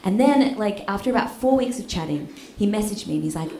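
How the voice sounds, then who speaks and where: A young Australian woman telling a comic story on stage, animated and swearing, often asking the crowd "right?". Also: medium pitch, a little fast, hardly any pauses. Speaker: stand-up comedian. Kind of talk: live stand-up storytelling. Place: live comedy stage with audience. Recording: echoey live room with noise.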